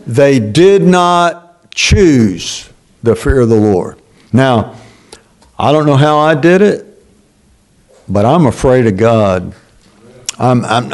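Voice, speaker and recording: Older male pastor, unhurried emphatic preaching, slightly high voice, halting restarts. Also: darkish tone. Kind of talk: sermon.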